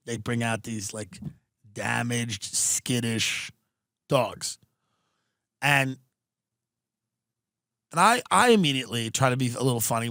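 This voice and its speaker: A man's voice: mid-range voice, dry recording, studio quality. A man hosting a podcast, telling comedic stories with profanity and acting out the people he quotes. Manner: animated, profane, mimics people in quoted voices. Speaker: podcast host. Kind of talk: comedic storytelling chat. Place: Southern California.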